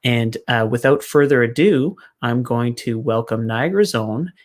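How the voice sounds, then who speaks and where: A man's voice: medium pitch, moderate pace. A man hosting an online event, introducing the guests. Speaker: event host. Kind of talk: introducing a program.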